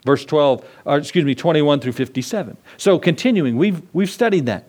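A man's voice: a little high, expressive, moderate pace, darkish tone. A male pastor delivering a sermon to his congregation in a conversational way, often asking questions and answering them himself.

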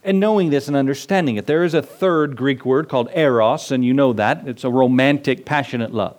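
A man's voice: mid-range voice, fairly quick, darkish tone. A man preaching a sermon as pastor, talking in a conversational way with jokes, rhetorical questions and key words drawn out for emphasis.

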